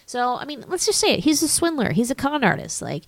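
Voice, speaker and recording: A woman co-hosting a casual podcast, recapping a movie with lots of laughter, swearing and quick acted-out lines. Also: high voice, big pitch swings, no room sound. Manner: chatty, laughing, swearing, acts out characters in quick asides. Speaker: podcast co-host.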